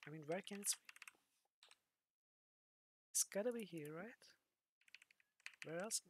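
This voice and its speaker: A man's voice: high voice, slow pace, slight background noise. A man streaming an old computer role-playing game, reading the text aloud and making wry comments to himself.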